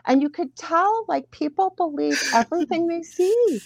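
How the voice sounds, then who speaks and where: A woman who works as a psychic medium, a podcast guest telling stories in a lively, chatty way with frequent laughs. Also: extremely high pitch, gravelly, dry recording. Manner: animated storyteller, laughs often, quick asides. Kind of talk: casual chat, storytelling.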